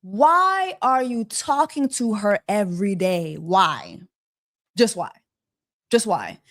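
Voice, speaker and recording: A woman hosts a celebrity gossip livestream in a medium-pitched, slightly bright voice that swings widely in pitch and moves slowly. Casual and exasperated, she fires off repeated rhetorical questions and mocks people with quacking bird jokes.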